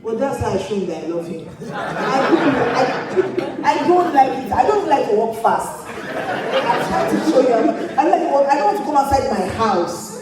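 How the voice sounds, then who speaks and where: A woman's voice: high voice, moderate pace, over a noisy crowd, very noisy. Laughing woman pastor in an echoey hall. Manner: animated, laughs often mid-sentence. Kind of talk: humorous storytelling to a church audience. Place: church auditorium. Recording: echoey church hall, distant mic. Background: audience laughter.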